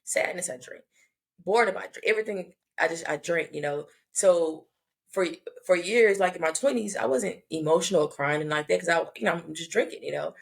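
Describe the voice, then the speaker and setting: A woman in her thirties hosting a casual conversation, talking reflectively and haltingly, often restarting her sentences. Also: lowish voice, gravelly.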